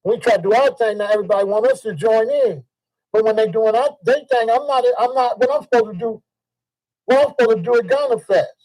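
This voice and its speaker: An older man. His voice sits high for a man. He delivers a heated, profane monologue and circles back to the same points again and again. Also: darkish tone, poor audio. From Chicago. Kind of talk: ranting monologue.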